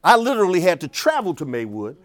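Older male speaker, somewhat high voice, lively storyteller who restarts his sentences. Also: quick pace. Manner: animated storyteller, frequent restarts and repeated words. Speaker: urban ministry teacher. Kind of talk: storytelling talk to an audience.

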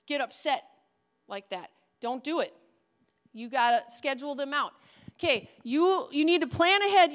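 A woman children's pastor giving a casual teaching talk, telling stories and acting out the voices of the people she quotes. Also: high-pitched. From Minnesota. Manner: animated storyteller, acts out quoted voices.

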